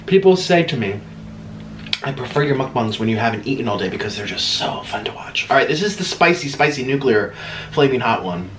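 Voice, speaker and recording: A young man hosting an eating vlog, talking casually between bites with excited gasps and murmurs. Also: mid-range voice, a little fast. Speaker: mukbang host. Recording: echoey room with faint noise.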